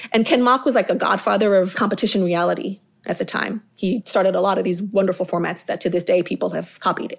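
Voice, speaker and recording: A woman's voice: medium pitch, vocal fry. Chatty middle-aged woman. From Inglewood, California. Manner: animated, chatty, full of "like" fillers. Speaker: guest, model and TV producer. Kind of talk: casual storytelling interview.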